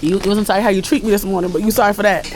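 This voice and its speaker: A woman's voice: medium pitch, fairly even intonation, very fast, darkish tone, slight background noise. Chatty New woman vlogging. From New York. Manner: chatty, slangy, rambling asides. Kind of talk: casual vlog chat.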